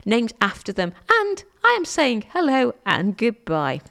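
A woman's voice: fairly high pitch, wildly swooping pitch, unhurried, vocal fry, a bit bright. A woman presenting a local radio show, chatting casually and rambling through self-amused asides.

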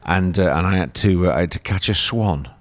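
A man's voice: sits low, fairly quick. A man hosting a radio breakfast show, telling anecdotes in a chatty, self-mocking way and often repeating words. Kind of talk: casual on-air banter and anecdote.

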